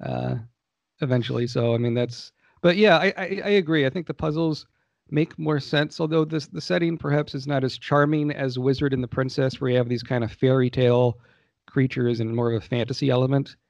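A man's voice: mid-range voice, steady tone, brisk, vocal fry, a little mellow, dry recording, muffled recording. A man co-hosting a casual podcast chat about old games, rambling and joking with many restarts. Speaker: podcast co-host.

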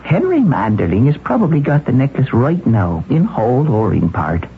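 A shrewd, self-assured police chief in an old-time radio drama, talking in a breezy, folksy way. His pitch swings widely. The old broadcast sounds thin and phone-like, with a faint hiss. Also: huge pitch swings, moderate pace. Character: confident, shrewd Boston police chief, middle-aged man.

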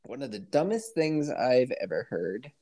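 A woman's voice: rumbling low, very animated, normal speed, warm tone. A woman co-hosting a casual podcast who teases, laughs often and puts on mocking voices. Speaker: podcast co-host. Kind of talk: casual chat.

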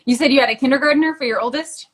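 A woman's voice: high voice, rapid-fire, breathy edge. A woman in her thirties hosting a podcast interview over a video call, upbeat and friendly. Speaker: podcast host. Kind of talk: casual interview chat.

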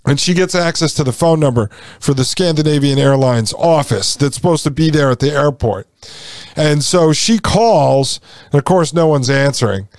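A man's voice: fairly high pitch, moderate pace, no echo, studio quality. A male podcast host rambling casually through a long story, full of fillers and asides.

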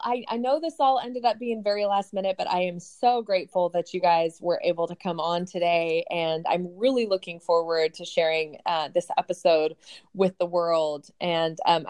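Podcast host, woman, a bit low-pitched, upbeat and chatty with ums. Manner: warm, enthusiastic, some filler ums. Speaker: podcast host, couples counselor. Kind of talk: casual podcast interview.

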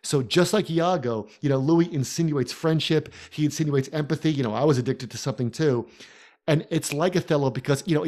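A man co-hosting a podcast who analyzes a film in a casual way and walks through scenes in lively detail. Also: on the high side. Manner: animated storyteller, recounts scenes in detail. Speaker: podcast co-host.

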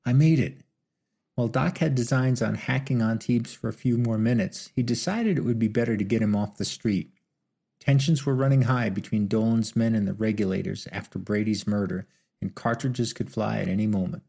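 A man narrating a western audiobook in a steady storytelling manner. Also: fairly low pitch, brisk, vocal fry, husky.

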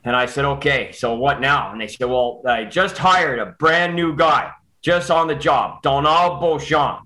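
A Canadian man telling a personal story in casual chat, animated and quick with restarts. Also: mid-range voice, poor audio.

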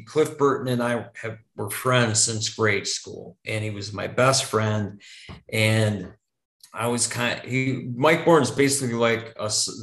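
Man guest, chatty storyteller, mid-pitched, loose and rambling, roomy echo. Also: a bit bright. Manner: rambling, with frequent restarts and casual swearing. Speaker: podcast guest. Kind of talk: casual conversational storytelling. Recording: echoey room.

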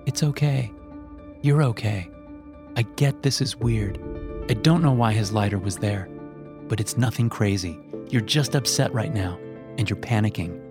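A man voicing a young woman friend who speaks softly and reassuringly in a spoken horror story. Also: medium pitch, lively intonation, normal speed, music in the background, pitched above the performer's own voice, lightly acted. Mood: soothing. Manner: soft, reassuring.

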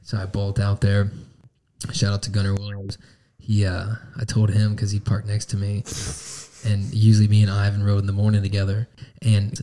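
A young man talks casually in a fairly low, warm, mellow voice. His delivery is laid-back and peppered with swearing, like a podcast co-host telling a story to a friend. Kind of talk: casual chat.

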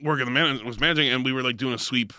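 A man's voice: medium pitch, very fast, sharp tone, no echo, clean studio sound. A man who works as a bartender telling a rambling story full of fillers in a casual podcast chat. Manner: rambling, lots of "like" and "uh".

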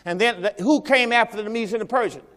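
A man's voice: high voice, fast, a bit bright. A man preaching a sermon, teaching in a loose conversational way and quizzing his congregation. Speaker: pastor. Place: church sanctuary. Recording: long hall reverb.

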